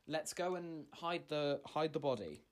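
A man's voice: fairly high pitch, lively intonation, measured pace. Rambling man hosting a comedy podcast. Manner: rambling, stammering, escalating rant. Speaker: podcast host. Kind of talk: improvised comedic storytelling.

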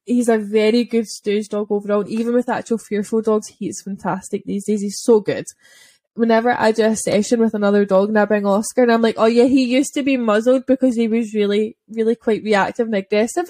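A young Scottish woman, a dog trainer, chatting casually on a podcast and telling lively stories, acting out quick voices and swearing freely. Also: on the high side, no room sound. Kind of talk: casual chat.

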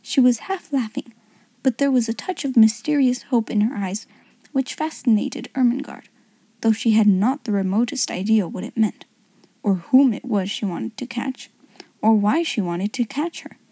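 Woman whispering a storybook, soft and mellow. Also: a little high, dry recording. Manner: soft, hushed, unhurried. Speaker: narrator.

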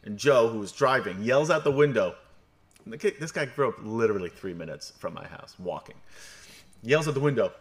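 A man's voice: mid-range voice, animated, brisk. A man from New York, the game master on a livestream, recapping the campaign in a joking, rambling way with many fillers.

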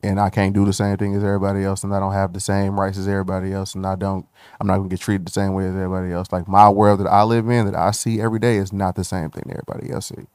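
A man's voice: deep voice, racing, smooth, no room sound, clean studio sound. A young man telling a personal story in candid, profane, casual conversation on a podcast. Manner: loose, profane, animated when retelling anger. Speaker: guest.

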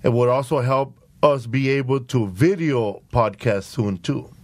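A man's voice: medium pitch, a little slow, no echo. A man hosting a podcast in a studio, joking around loosely and swearing casually. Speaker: podcast host. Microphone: studio microphone.

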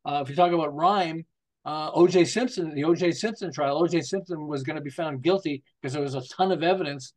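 A man's voice: on the high side, fairly quick. An older man, a marketing consultant, chatting as a podcast guest and telling stories with frequent laughter. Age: 60s or older. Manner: animated, laughs often while telling jokes and anecdotes. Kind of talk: casual conversational storytelling.

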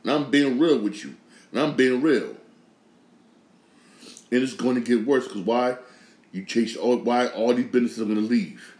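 A man's voice: mid-range voice, moderate pace, long pauses, darkish tone. A man hosting a podcast, giving opinionated sports and news commentary in an emphatic way, repeating phrases and restarting sentences. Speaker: podcast host. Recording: echoey room.

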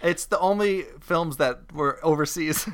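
A man's voice: a little high, measured pace, background noise. A man co-hosting a podcast in casual chat, rambling and self-mocking and laughing often. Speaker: podcast co-host.

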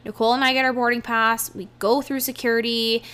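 A woman's voice: fairly high pitch, little pitch movement, fairly bright tone, clean tone. A young woman co-hosting a podcast, telling a travel story in casual chat with blunt swearing and quoted back-and-forth. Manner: swearing, fast recap with quoted dialogue. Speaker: podcast co-host. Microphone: podcast microphone.

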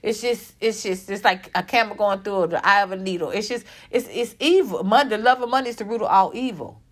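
A woman's voice: mid-range voice, brisk. A woman ranting bluntly and sarcastically as she comments on celebrity gossip.

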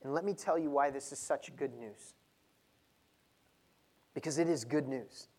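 A man preaching a sermon, moving from low, measured reading to loud, emphatic stretches.

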